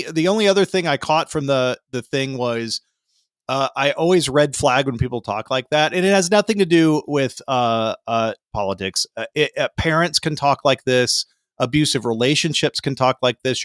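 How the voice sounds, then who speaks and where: A man's voice: mid-range voice, animated, moderate pace, a bit bright, dry recording, clean studio sound. A man hosting a movie podcast, talking casually and rambling with lots of fillers and acted-out quotes. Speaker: podcast host.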